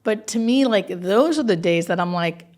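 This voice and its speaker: A woman's voice: medium pitch, normal speed. Earnest woman telling hospice stories. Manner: animated, earnest, lots of "like" fillers. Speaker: hospice nurse, guest. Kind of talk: conversational storytelling interview.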